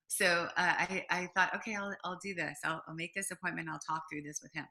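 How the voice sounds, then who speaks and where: A woman's voice: sits low, a little fast, hardly any pauses. A middle-aged woman, a business owner guest in an interview, telling a personal story with lots of fillers and acted-out quotes. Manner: animated storyteller, acts out quotes, frequent fillers.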